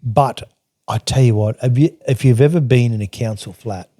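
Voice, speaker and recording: An older man from Australia telling a rambling travel story on a podcast, halting and restarting as he reads from his journal. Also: medium pitch, dark tone, no room sound, clean studio sound. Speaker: podcast guest recounting travels. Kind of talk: casual storytelling chat.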